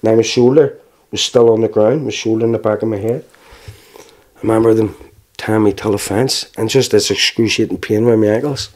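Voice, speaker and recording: A man in his forties with a Belfast accent speaks in a low, mellow voice. He gives frank, plain-spoken testimony in an interview and often stops to restart his sentences. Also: steady tone, brisk. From Northern Ireland. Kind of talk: personal testimony.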